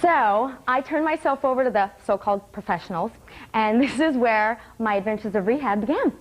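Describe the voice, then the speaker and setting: A woman's voice: fairly high pitch, animated, fairly quick, low-quality recording. A woman performing a wry one-woman comedy show on a small theater stage, laughing between lines.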